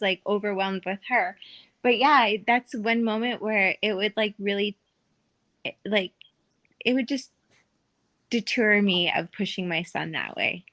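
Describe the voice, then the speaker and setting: A former casino dealer appearing as a podcast guest tells casual stories in a medium-pitched, pushed, bright voice. She's chatty, uses lots of fillers, and laughs often.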